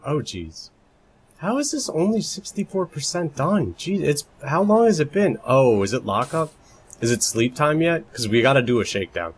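His voice is a little high and husky, very animated at a moderate pace, as this live streamer commentates on his gameplay at home. He keeps up a chatty mutter to himself with bursts of playful shrieking, even with a roommate sleeping nearby.

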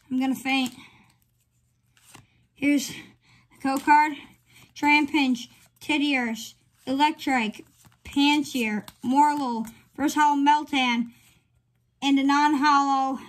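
A woman with a high, light voice talks at an unhurried pace through a casual commentary. She reads off names one at a time in short, clipped phrases, like a running checklist. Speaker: channel host. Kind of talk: casual card-opening commentary.

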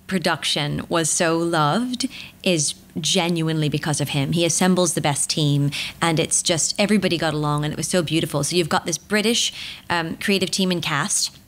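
American woman, podcast guest, lower-pitched, chatty and animated storyteller. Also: normal speed. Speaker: guest, musical theatre performer.

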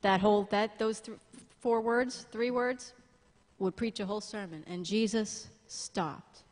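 A woman pastor preaching a sermon in a church, lively and humorous, with asides to the congregation. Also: mid-range voice, a little slow, long reverb tail. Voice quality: blind, jokes about herself.

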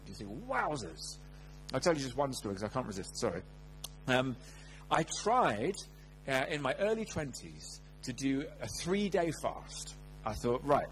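A man's voice: mid-range voice, slight background noise, low-quality recording. A man preaching a sermon, telling personal stories with humor and acting out quotes. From England. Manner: animated, humorous, acts out quotes.

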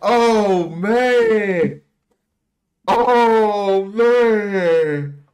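A man hosting a movie reaction, excitable and full of slang, laughing along. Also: high voice, drawn-out words. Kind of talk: casual reaction commentary.

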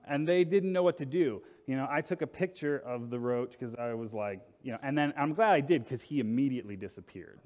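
A man recounting a personal anecdote in a loose, chatty way, laughing through it and mimicking the people he talked to. His voice sits at an ordinary middle pitch. The recording carries a long reverb tail. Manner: laughs through the telling, acts out quoted exchanges. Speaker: storyteller in a documentary. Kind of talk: casual anecdotal retelling.

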